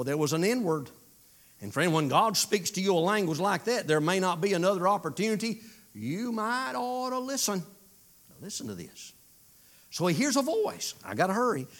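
A man preaching a sermon, swinging from loud declarations to near-whispers with folksy asides. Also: a little high.

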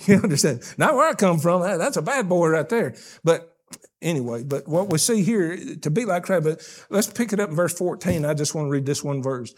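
An older man with a drawl preaches in a folksy, plain-spoken way. His voice sits fairly high for a man. He leans hard on key phrases, then drops to quiet asides. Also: animated, moderate pace. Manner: folksy, emphatic preaching that swings between loud stresses and hushed asides. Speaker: pastor. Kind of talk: sermon.

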